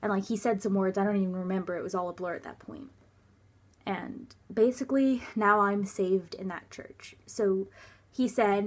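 A young woman recounts a personal story in a casual, unscripted way. She speaks at a middling pitch with hesitant starts, lots of fillers, and soft, quiet stretches. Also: fairly even intonation. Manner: halting, hesitant, with many fillers. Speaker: vlogger.

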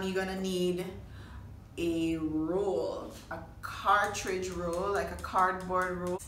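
Gentle woman reading to preschoolers, echoey room. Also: medium pitch, far from the mic. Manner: gentle, instructive, speaks to the children directly. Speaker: children's storyteller and craft host. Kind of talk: reading aloud and craft demo for preschoolers. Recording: echoey room, faint noise.

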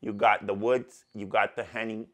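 A man's voice: on the low side, little pitch movement, normal speed, fairly bright tone, voice pushed down, natural voice. A man playing a boastful, goofy young rapper character with a Toronto accent, drawling and slangy in a comedic lyric breakdown. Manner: exaggerated boasting swagger. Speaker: parody rapper.

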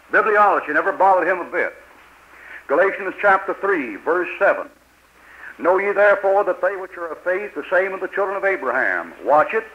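Older male preacher, fiery and folksy, higher-pitched, lo-fi vintage tape. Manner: fiery, rhetorical questions, folksy grammar. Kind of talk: sermon. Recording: old lo-fi tape recording.

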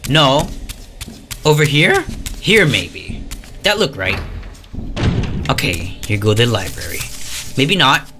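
A man giving gameplay commentary, sarcastic and frustrated, yelling at the game. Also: mid-range voice, very animated, takes it slowly, long pauses. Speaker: let's play gamer. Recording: game music behind the voice. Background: game music.

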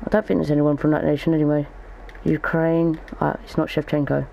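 A man's voice: a little high, flat delivery, brisk, creaky, dark tone, muffled recording, a little hiss or hum. A young man giving casual gaming commentary as a YouTuber, thinking aloud as he goes. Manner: chatty, thinks aloud while opening packs.

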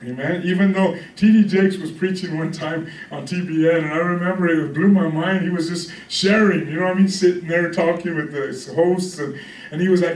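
Man preaching, fairly high voice, roomy echo, heard from across a church hall. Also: brisk, a little mellow. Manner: conversational preaching with call-outs to the congregation. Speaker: pastor. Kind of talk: sermon. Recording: echoey room from a distance.

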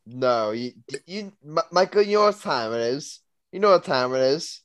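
A man's voice: fairly high pitch, animated, normal speed, a bit bright, no room sound. A young man hosting a casual sports podcast, reading out bet results and standings in an upbeat way. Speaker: podcast host.

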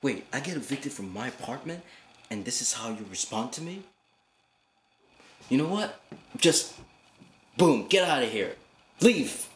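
A man's voice: mid-range voice, fairly quick, lightly acted. An actor playing an evasive young man who stammers and repeats himself, brushing people off and flaring into anger, in a short film. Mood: angry. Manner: evasive and dismissive, flares into anger. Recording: roomy echo, distant mic, background hiss.

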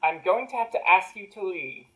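A bitter male wizard's ex-apprentice, scheming and quick to rant with indignation, as a woman game master voices him. The voice sits at a middling pitch for the performer. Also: animated, fairly bright tone, close to an everyday voice, low-quality recording. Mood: furious. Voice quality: indignant, ranting.

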